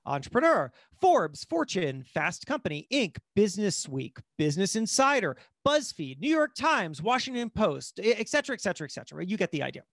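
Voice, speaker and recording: A man, a magazine editor, talking casually as an interview guest, telling stories in an animated way with quick asides and restarts. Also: high-pitched, vocal fry, no room sound, clean studio sound. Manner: animated storyteller, fast asides, frequent restarts.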